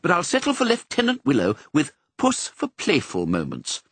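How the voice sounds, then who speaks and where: Casting: a man doing a haughty lady cat in a storybook, lifted higher than his own voice, prim and precise. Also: huge pitch swings, normal speed, a bit bright, slightly rough, dry recording, heavily acted. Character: proud female cat, fussy about names.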